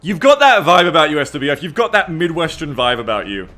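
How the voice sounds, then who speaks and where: A man's voice: fairly high pitch, very animated, fast talker, bright, forceful tone, soft background music. A man streaming a strategy game, chatting casually with viewers and reading their messages aloud in a playful, teasing way, laughing often.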